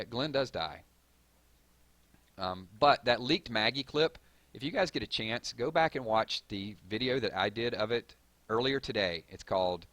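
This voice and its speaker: A man's voice: on the low side, a bit bright, no room sound. A man hosting a live stream, chatting loosely and rambling through viewer comments with plenty of fillers and restarts. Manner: rambling and conversational, with frequent fillers and self-corrections.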